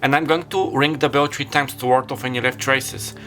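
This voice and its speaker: A man's voice: medium pitch, steady tone, brisk, sharp tone, faint music behind. A man giving a casual tarot card reading, rambling and filling his talk with "like" as he describes the cards. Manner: rambling, filler-heavy, says "like" constantly. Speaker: tarot reader. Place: room with an open window.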